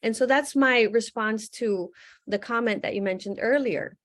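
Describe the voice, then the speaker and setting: A woman speaking as a panelist in a webcast conversation, thoughtful and measured, often posing questions. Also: fairly high pitch, no room sound, clean studio sound. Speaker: guest panelist.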